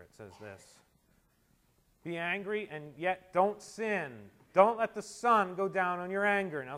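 A middle-aged man preaching a sermon as a pastor, moving between quiet storytelling asides and forceful exhortations. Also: sits high.

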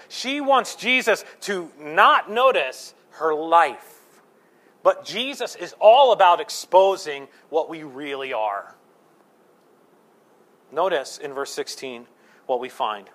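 Male pastor, middle-aged, higher voice, animated sermon, storytelling, rhetorical questions. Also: unhurried.

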